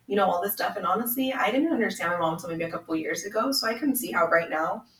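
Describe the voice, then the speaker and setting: A woman's voice: medium pitch, lively intonation, fast talker, a bit bright, recorded from a distance. A young woman from Washington State, a podcast guest speaking earnestly and from the heart, with lots of "like" fillers. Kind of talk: candid conversation. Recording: roomy sound, a bit off-mic.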